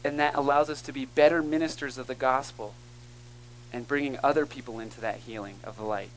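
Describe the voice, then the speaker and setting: A pastor preaches a sermon earnestly and emphatically, calling out to the congregation between points. His mid-range voice keeps a steady tone at a slightly fast pace. The recording is rough, with slight background noise.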